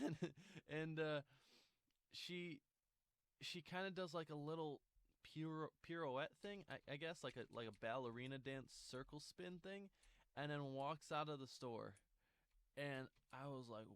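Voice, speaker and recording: A man's voice: medium pitch, expressive, normal speed, a bit bright, smooth, no room sound. A young man telling a casual storytime, rambling with lots of fillers and restarts.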